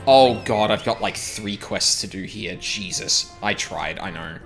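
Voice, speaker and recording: A man's voice: fairly low pitch, a little slow, fairly bright tone, soft background music. A man streaming a game, chatting casually, swearing now and then, and reading quest text aloud. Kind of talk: casual chat while playing a game.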